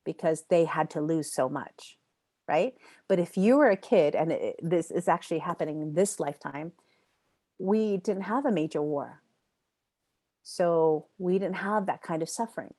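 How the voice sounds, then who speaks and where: A woman's voice: fairly low pitch, lively intonation, moderate pace, mellow. A woman teaching a live online yoga training class. She talks in an emphatic, chatty way, repeats phrases for effect and answers students' typed questions by name.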